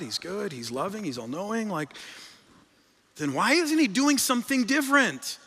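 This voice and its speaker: A man preaching a sermon as pastor, conversational and often restarting words, his voice climbing and swelling for emphasis. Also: bright, forceful tone. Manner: conversational, rises in pitch and volume for emphasis, repeats words. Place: church sanctuary. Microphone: stage microphone. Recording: long reverb of a large hall.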